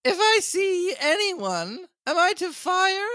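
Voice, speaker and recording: Joyce, a snooty falsetto lady voice. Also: very animated, sharp tone, no echo, studio quality, full character voice. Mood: prim. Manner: slow prim politeness.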